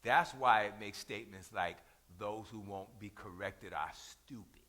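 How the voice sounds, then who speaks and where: A man preaching a sermon in call-and-response style, repeating lines for emphasis and rising to shouts at key points. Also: on the low side, a little slow.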